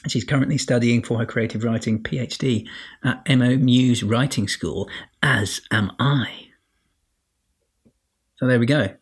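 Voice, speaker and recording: A man's voice: mid-range voice, steady tone, moderate pace, breathy edge. A man hosting a podcast on his own, chatting playfully and wryly and firing off rhetorical questions at his listeners. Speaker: podcast host. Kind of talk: casual solo monologue.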